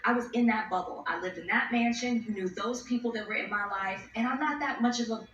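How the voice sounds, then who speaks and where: A woman in her thirties, a guest on a talk show, who tells animated stories and acts out the quotes. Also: a little high, a little fast, echoey room, recorded from a distance, muffled recording, a little hiss or hum. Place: TV studio.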